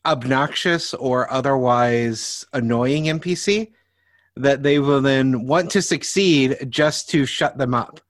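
A man's voice: mid-range voice, takes it slowly, no echo, studio quality. A man who runs tabletop games, chatting casually on a podcast and explaining his approach with examples. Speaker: game master.

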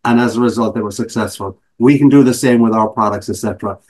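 A man's voice: on the low side, fast, darkish tone. Irish man telling stories with humor. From Ireland. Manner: storytelling, self-mocking humor. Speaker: guest, motivational speaker. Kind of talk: casual interview talk.

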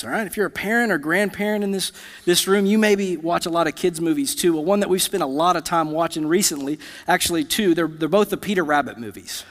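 Young pastor preaching in a reverberant church. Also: male voice, sits high, fairly bright tone. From United States. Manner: conversational, storytelling with asides to the congregation. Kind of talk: sermon. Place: church sanctuary. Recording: long hall reverb.

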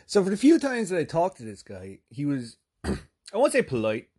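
A man's voice: fairly high pitch, wildly swooping pitch, moderate pace, a little mellow, husky. A man hosting a podcast, telling a rambling comedic story full of swearing and fillers. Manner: rambling, profane, lots of fillers. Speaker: podcast host.

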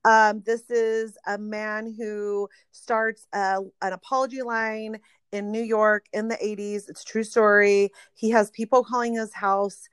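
A woman's voice: medium pitch, level tone, unhurried, clear, resonant tone, no room sound. A middle-aged woman chatting casually as a podcast co-host, often trailing off and restarting. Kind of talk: casual chat recommending podcasts.

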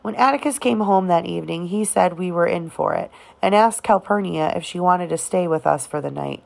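A woman narrating an audiobook of a novel, reading in a halting way with occasional restarts on words. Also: fairly low pitch, creaky. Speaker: audiobook reader.

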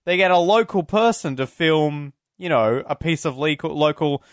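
A man co-hosting a film podcast, excitable and chatty, thinking aloud and laughing often. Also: on the high side, normal speed, dry recording, clean studio sound. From Australia. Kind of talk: casual chat.

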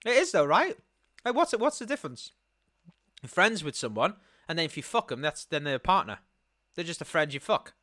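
A man's voice: on the high side, big pitch swings, fairly quick, pushed and bright, no room sound, studio quality. A man co-hosting a podcast, teasing and provoking the others in crude, casual banter. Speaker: podcast co-host.

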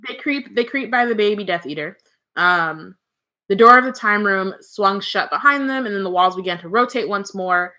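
This woman co-hosts a book podcast, reading the chapter aloud between joking, casual banter full of swearing and laughter. Her voice is mid-range and sharp, her pace moderate, and she laughs often, curses, and says "um" a lot.

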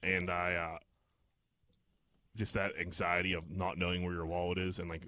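A man's voice: sits low, little pitch movement, normal speed, pushed and bright. A man rambling in casual podcast chat, swearing and restarting his sentences. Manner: rambling, profane, self-interrupting.

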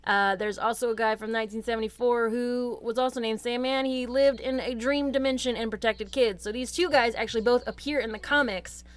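A woman chatting casually on a podcast, lively and quick to laugh, with playful asides. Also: fairly high pitch. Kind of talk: casual chat. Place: lives in Los Angeles.

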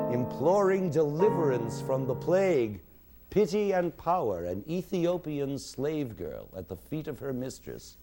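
Expressive male music lecturer, slow delivery. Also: medium pitch. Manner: expressive, sings musical examples at the piano. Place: lecture hall. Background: piano music.

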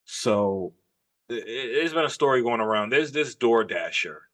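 A man's voice: mid-range voice, expressive, moderate pace, a bit bright. A man co-hosting a podcast, telling a story in casual, profane chat with emphatic asides. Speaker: podcast co-host.

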